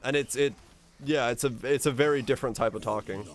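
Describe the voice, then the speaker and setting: A male streamer chatting casually with his viewers in a relaxed, rambling way, his deep voice supported from the diaphragm. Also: brisk. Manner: rambling and relaxed, with frequent restarts.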